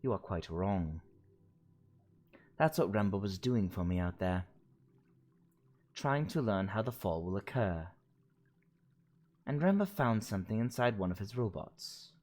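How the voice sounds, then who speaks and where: A man's voice: on the low side, animated, a little slow, long pauses, a little mellow. A man voicing a stern, anxious older woman professor while reading game dialogue aloud. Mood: insistent.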